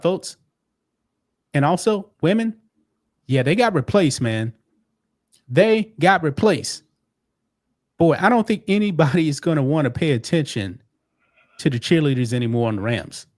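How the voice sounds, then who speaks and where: A man giving opinionated video commentary, emphatic and peppering his talk with "man" and "folks". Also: a little high. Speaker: commentator in a played clip.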